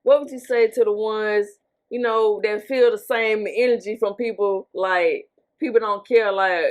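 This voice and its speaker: A woman's voice: mid-range voice, normal speed. A woman interviewing a guest, supportive and encouraging, asking questions in a conversational way. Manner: supportive, many short affirmations.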